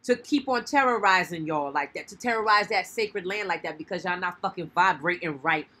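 Woman going off on a podcast, bright sharp voice, cussing a lot. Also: on the low side, brisk. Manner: blunt, profane, emphatic. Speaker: podcast co-host. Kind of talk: heated political chat.

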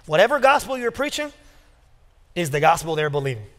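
Pastor, thirties, male, high voice, chatty anecdotal sermon style, church hall reverb. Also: sing-song, brisk, fairly bright tone. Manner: storytelling with casual asides and quoted dialogue. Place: church sanctuary.

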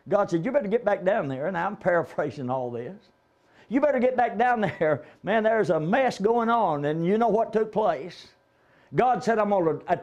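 A man's voice: high-pitched, a little mellow. A man preaching a conversational sermon in a church, retelling Bible stories and quoting the figures in his own voice.

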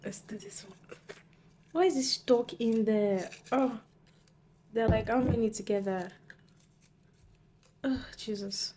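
A young woman from Nigeria chatting excitedly and giggling as she talks straight to her viewers. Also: a little high, slow pace, long pauses, a little hiss or hum. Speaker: book vlogger. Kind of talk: casual chat to camera.

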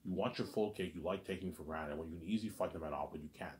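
A man's voice: low voice, very fast, darkish tone. A man delivering a rambling, agitated vlog monologue, stammering and repeating himself. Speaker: vlogger.

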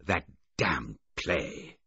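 A man's voice: low-pitched, wildly swooping pitch, a little fast, husky, no room sound, full character voice. A man voicing a truculent, blustering middle-aged schemer in an audiobook, sounding belligerent and indignant. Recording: dull, dry lo-fi audiobook recording.

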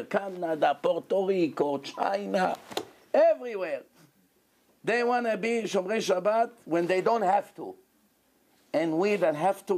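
Man, rabbi, sermon, fairly high pitched, animated delivery. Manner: animated preaching with acted-out quotes.

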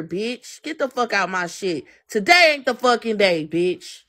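A young woman goes live to vent, her voice sitting at an ordinary middle pitch. She swears constantly and circles back to the same grievance. Between rants she snaps back at comments from her viewers. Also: lively intonation, unhurried, hardly any pauses, pushed and bright. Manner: heated, profane and repetitive, answering chat. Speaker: livestreamer. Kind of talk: angry live-stream rant.

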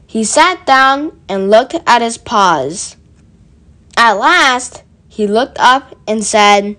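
Woman, children's read-aloud, gentle, very slow, slightly high voice. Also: animated. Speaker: storyteller reading a children's book.

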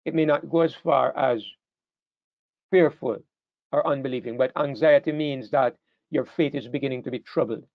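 A man's voice: medium pitch, moderate pace, creaky, dry recording, lo-fi sound. A man preaching a sermon, emphatic, stressing key words and often repeating himself as he restarts phrases.

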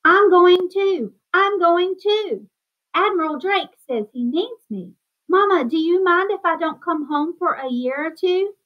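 A woman reading aloud and voicing an excitable middle-aged male house painter in a storybook reading, talking eagerly and pleadingly, on a dull, lo-fi recording. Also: extremely high pitch, measured pace, pitched above the performer's own voice. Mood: excited. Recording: dull lo-fi sound.

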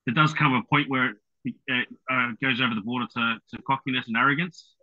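A man interviewing in casual chat, agreeable and quick with short affirmations, saying mate. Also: medium pitch, steady tone, dry recording. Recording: dull dry remote line.

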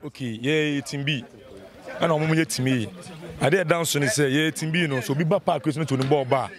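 A man with a Ghanaian accent, an amateur footballer, chats and jokes about his side. His voice sits slightly high, and a crowd is clearly heard around him outdoors. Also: brisk.

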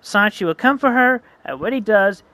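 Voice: medium pitch, expressive, moderate pace, fairly bright tone, dry recording, voice pushed up, lightly acted. A home narrator voicing a scheming male villain who gives orders. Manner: plotting, commanding.

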